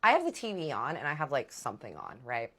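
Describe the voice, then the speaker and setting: Candid low-voiced woman telling a story. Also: fast. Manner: candid, animated, swears freely, acts out dialogue. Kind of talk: casual storytime chat.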